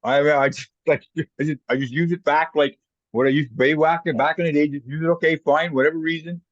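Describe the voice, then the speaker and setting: A Canadian former hockey player, appearing as a guest, tells animated stories casually and acts out the voices of the people he quotes. His voice is a little high and brisk, and the recording is dry and muffled.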